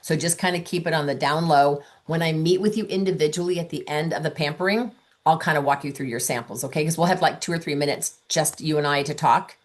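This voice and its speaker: A woman's voice: low-pitched, quick pace. A middle-aged woman coaching direct sales consultants, telling chatty stories and acting out both sides of her phone calls and texts. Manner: chatty storytelling, quotes both sides of conversations. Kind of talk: training talk with acted-out dialogue.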